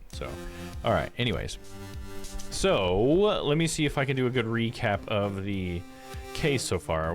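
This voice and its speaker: Male streamer, casual live chat, animated delivery with a lot of pitch movement. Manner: swears and laughs often, lively reactions.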